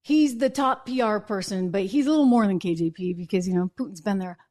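Hosting a live political commentary show, a woman chats along in a mid-range, slightly mellow voice. She throws in quick asides, restarts her sentences, and gives wry laughs at what she's just said.

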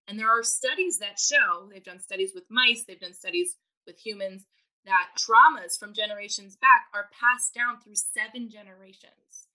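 Heard on a rough recording, a medium-pitched woman coaches on parenting in a podcast interview. Her delivery is animated as she plays out parents' internal monologues and spoken words to illustrate her points.

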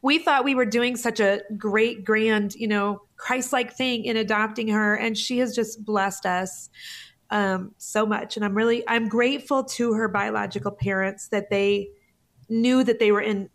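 A woman's voice: mid-range voice, fairly even intonation, a little slow. Emotional, earnest woman in her forties. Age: 40s. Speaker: podcast guest. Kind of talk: conversational interview.

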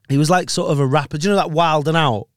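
Smooth, laid-back host. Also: male voice, on the high side, no room sound, studio quality. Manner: laid-back, slangy banter. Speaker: podcast host. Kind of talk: casual podcast chat.

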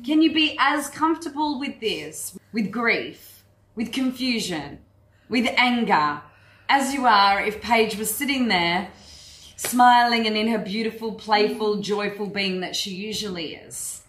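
A woman's voice: medium pitch, animated, unhurried, a bit bright. A woman coach giving a frank, earthy workshop talk to a group, swearing freely and speaking with animation. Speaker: women's empowerment coach. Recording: echoey room.

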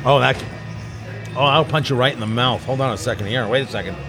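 A man's voice: mid-range voice, fast talker, over music. A middle-aged man hosting a casual tasting chat, rambling and restarting his sentences with a joking tone. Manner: rambling, self-interrupting, jokey. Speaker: podcast host.

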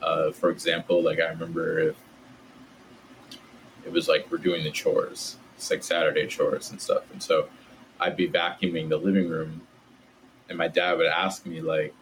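A man, a podcast guest, telling childhood stories in a relaxed way, full of "like" fillers. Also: rumbling low, normal speed, long pauses, slight background noise, rough recording. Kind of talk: casual storytelling.

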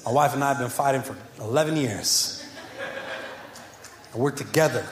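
A young man, a pastor, preaching a passionate sermon to a congregation, repeating phrases and moving between fervent rises and soft, quiet passages. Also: medium pitch, moderate pace, echoey room, crowd noise. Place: church sanctuary with congregation.

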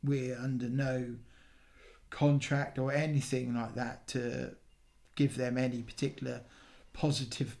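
A man co-hosts a casual podcast chat. He talks at an everyday middle pitch, stops often on fillers and starts his sentences over. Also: flat delivery, creaky, darkish tone. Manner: chatty, halting with fillers and restarts. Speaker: podcast co-host.

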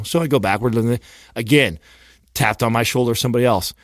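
A man's voice: lowish voice, quick pace, dry recording, clean studio sound. A man in casual chat, telling a long profane story and acting out the quotes with lots of energy. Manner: animated, profane, acts out quotes.

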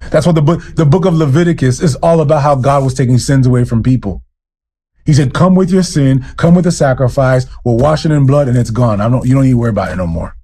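A man's voice: medium pitch, fast, warm tone, slightly rough. A man preaching as pastor, fervent and direct with his listeners, driving points home with repeated rhetorical questions. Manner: admits to ranting, addresses listeners directly. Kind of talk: sermon.

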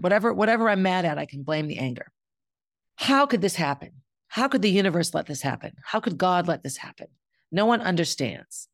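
A woman's voice: on the low side, lively intonation, fairly quick, no echo, clean studio sound. A middle-aged woman speaking candidly and bluntly in a reflective personal monologue, as the host of her own show. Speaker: podcast host.

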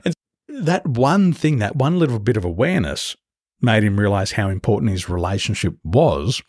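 A man telling stories with a lively, swooping delivery. His voice is low and a little husky, and he sounds close to a dry mic with no room echo. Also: moderate pace. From Australia. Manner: animated anecdotes, acting out quoted voices. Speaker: guest, business coach. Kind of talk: storytelling interview.

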